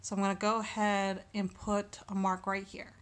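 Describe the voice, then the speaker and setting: A woman teaching a recorded lesson, speaking slowly and deliberately and sounding out syllables one by one. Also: mid-range voice, little pitch movement.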